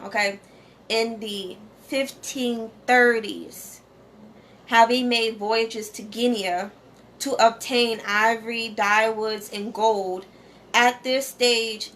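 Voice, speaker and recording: A woman's voice: mid-range voice, a bit bright, a little hiss or hum. A woman hosting a casual educational vlog. She talks conversationally, often checks in with "okay?", and reads source text aloud while stumbling over some pronunciations. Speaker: channel host.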